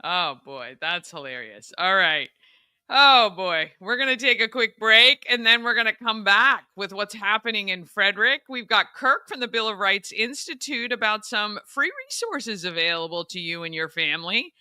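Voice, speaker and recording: A man's voice: sits high, lively intonation, moderate pace, sharp tone, clean tone, no room sound. A man hosting a local morning show, chatting casually and promoting upcoming events with upbeat energy. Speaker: host. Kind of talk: casual chat.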